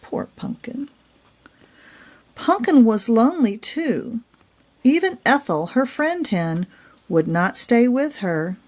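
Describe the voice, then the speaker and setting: A woman reading her own children's storybook aloud in a gentle, expressive storytelling voice. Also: fairly high pitch, slow.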